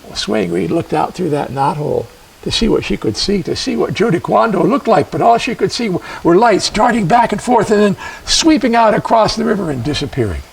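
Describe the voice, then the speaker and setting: A male storyteller performing a traditional legend. His voice is husky and lively, with measured dramatic pauses, picked up by a mic some distance away. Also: high-pitched.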